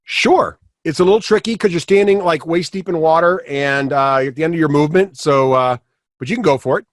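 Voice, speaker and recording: A man's voice: fairly high pitch, a little fast, no room sound. A man running a tabletop game as game master, rambling with many fillers and restarts.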